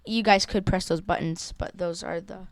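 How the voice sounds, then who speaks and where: A woman walking through a software drawing tutorial in a casual, hesitant way, with many fillers and self-corrections. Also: fairly low pitch, steady tone, normal speed, no echo, studio quality. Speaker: tutorial creator. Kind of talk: screen-recorded software tutorial.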